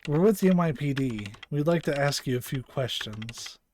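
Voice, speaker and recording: A man voicing a calm young female police officer in a plain, level delivery. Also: a little high, moderate pace, a little hiss or hum, natural voice. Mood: businesslike.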